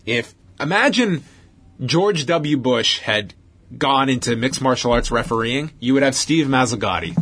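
A man's voice: mid-range voice, animated, measured pace, fairly bright tone, slightly rough. A man hosting a casual talk show, recapping an old fight in detail with frequent fillers.

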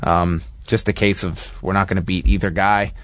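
A man's voice: sits low, flat delivery, moderate pace, dry recording, highs cut off. A man co-hosting a podcast, giving a casual play-by-play recap of wrestling matches with dry, sardonic asides. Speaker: podcast co-host reviewing wrestling.

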